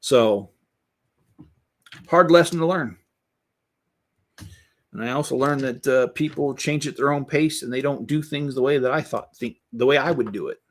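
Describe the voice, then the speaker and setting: A man's voice: medium pitch, normal speed, long pauses. A middle-aged man talking casually and candidly as he builds, rambling with many restarts and asides. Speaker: Lego builder and channel host. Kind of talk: casual chat while building.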